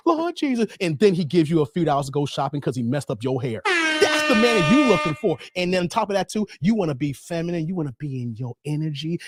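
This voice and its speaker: A man with a fairly high voice holds forth on a livestream, passionate and profane. He lectures his audience, and his voice rises into loud bursts and drops into quick muttered asides. The sound is close and dry, with no room echo. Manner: repeats the filler "here", swings between loud and quiet. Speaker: channel host reacting to a livestream. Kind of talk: heated livestream commentary.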